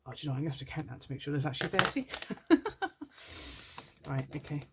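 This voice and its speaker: A woman's voice: low-pitched, quick pace, background noise. Bubbly chatty woman. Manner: chatty, bubbly, apologetic, lots of ums. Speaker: budgeting vlogger. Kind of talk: casual chatty vlog.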